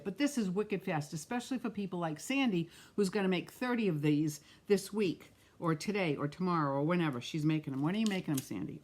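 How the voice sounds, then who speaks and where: A middle-aged woman with a lowish, darkish voice demonstrates a card-making craft on a live stream, chatting with viewers by name. She has the hiccups.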